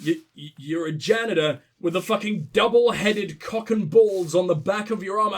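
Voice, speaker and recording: A man's voice: high voice, lively intonation, normal speed, few pauses. A young man with sniffles, commentating his gameplay in a profane, rambling, joking way. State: sick with sniffles. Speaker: let's play host.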